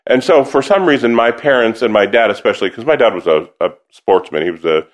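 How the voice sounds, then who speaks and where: A man's voice: mid-range voice, animated, fast talker. A man from the American South, an opera singer, chatting casually in an interview and telling stories full of restarts. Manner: chatty, laughing storyteller with many restarts.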